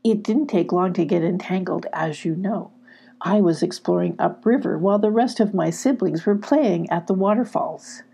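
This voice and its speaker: A woman voicing a shy, frightened young female fox pup in a soft whisper for a storybook. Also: on the low side, moderate pace, vocal fry, husky.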